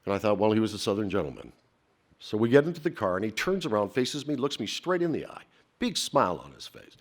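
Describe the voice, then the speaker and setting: A man's voice: on the low side, sing-song. A middle-aged man from Canada giving a heartfelt, rhetorical acceptance speech from a podium on a banquet hall stage. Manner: emotional, rhetorical, with dramatic pauses.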